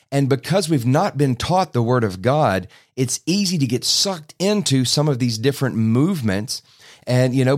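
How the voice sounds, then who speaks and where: A man in his forties delivering a sermon in an urgent, exhorting voice. He pushes his points hard and picks up speed as his excitement builds. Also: medium pitch. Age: 40s. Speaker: preacher.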